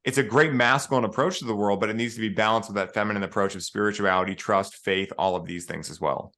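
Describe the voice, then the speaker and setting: A man's voice: fairly low pitch, quick pace, fairly bright tone. A man speaking as a podcast guest in casual conversation, earnest and spiritual, with the odd swear word.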